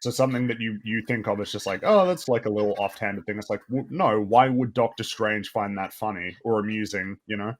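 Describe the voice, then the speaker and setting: A man with a lowish voice joins a casual chat. He agrees briefly, then builds analytical points about storytelling. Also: fairly quick, few pauses. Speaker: stream panelist.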